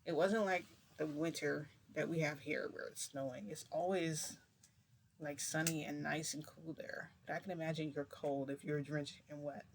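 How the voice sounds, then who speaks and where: Guy rambling thru a story for his vlog, kinda high voice, gravelly, bit of hiss behind. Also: steady tone, moderate pace. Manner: rambling, with many fillers and restarts. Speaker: vlogger. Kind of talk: casual storytelling monologue.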